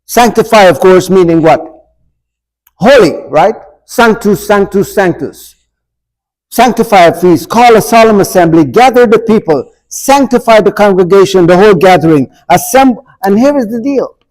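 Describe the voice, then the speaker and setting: A man teaching an informal Bible class in a church room asks the adult forum questions and plays out scripture dialogue with humor. He sounds animated, with a high, slightly mellow voice and a moderate pace, on a rough recording.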